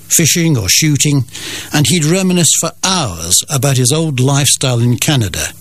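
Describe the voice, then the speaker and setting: A man's voice: medium pitch, a bit bright. An older man from the Scottish Borders, a guest telling family stories with dry, wry humour. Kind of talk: storytelling in an interview.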